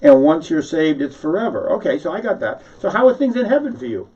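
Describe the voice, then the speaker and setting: A man's voice: on the high side, very animated, brisk, dark tone, breathy edge. Sarcastic man on a one-sided mock call. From New York City. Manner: sarcastic, needling; rambling with many restarts. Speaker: satirical monologuist. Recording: dull, distant lo-fi recording.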